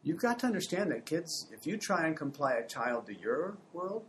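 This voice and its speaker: A man giving parenting advice in a conversation, telling stories with lively acted-out family voices. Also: fairly high pitch, moderate pace, a little hiss or hum, rough recording. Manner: animated storytelling, acts out family voices.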